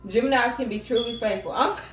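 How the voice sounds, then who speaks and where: Speaking fast in a fairly high voice, this tarot reader chats bluntly to camera from a room at home and swears without restraint as she does a casual reading. The recording has an echoey sound, with the microphone set at a distance.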